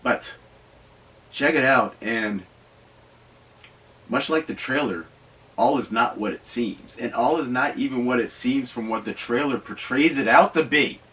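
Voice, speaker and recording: A man hosting a podcast, rambling excitedly and swearing through casual riffs. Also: medium pitch, unhurried, pauses often, recorded from a distance, rough recording. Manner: excitable, profane, rambling with asides. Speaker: podcast host reviewing movies. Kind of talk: casual riffing commentary.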